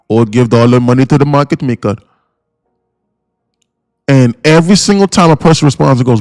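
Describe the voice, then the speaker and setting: A man hosting a trading live stream, lecturing his viewers in a blunt, pushy rant full of profanity and repeated phrases. His voice sits at an ordinary pitch. The sound is dry and close, with no room echo. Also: a little fast, long pauses, darkish tone. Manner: addresses viewers as guys and bro. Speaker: day-trading streamer and mentor.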